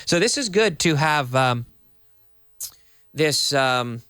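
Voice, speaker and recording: A young adult man teaching English in a live online lesson, chatty, explaining phrases and repeating them slowly. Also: on the high side, animated, pushed and bright, smooth, dry recording, clean studio sound.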